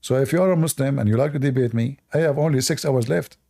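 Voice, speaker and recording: A man's voice: mid-range voice, fast talker, gravelly, warm tone. A man with a non-native English accent hosting a livestream and giving sarcastic, mocking commentary. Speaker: livestream debate host.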